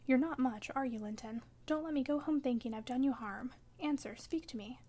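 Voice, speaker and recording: A woman voicing an impulsive, warm-hearted teenage girl in an audiobook, earnest and pert and quick to flare up. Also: high-pitched. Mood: pleading. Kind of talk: audiobook character reading.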